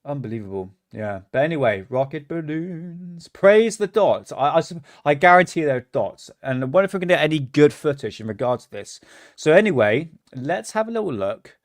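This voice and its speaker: A man's voice: mid-range voice, sing-song, fairly quick, dry recording, studio quality. Blunt, ranting man on a livestream. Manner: blunt and ranting, swears freely. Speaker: livestream host. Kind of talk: casual livestream commentary.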